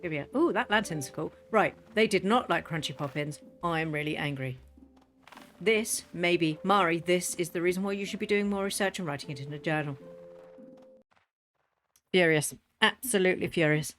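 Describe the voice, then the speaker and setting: A casual gaming host talks the listener through a game, chatty and quick to slip into mock-furious grumbling. Faint game music plays underneath the voice. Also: medium pitch, a bit bright. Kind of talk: casual gameplay commentary.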